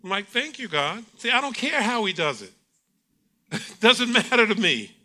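A man's voice: sits high, unhurried. A middle-aged man preaching a sermon, telling stories with acted-out quotes and frequent laughter. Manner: animated storytelling preacher, acts out quotes, laughs often. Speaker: pastor.

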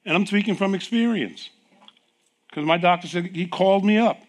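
A middle-aged pastor preaches a sermon in a high-pitched voice at normal speed. His storytelling is animated, with acted-out dialogue and frequent laughter.

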